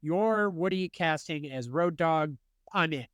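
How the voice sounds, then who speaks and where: High-voiced, animated podcast co-host. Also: male voice, unhurried, smooth, no echo, studio quality. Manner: animated, laughing, swings in pitch. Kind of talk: casual chat.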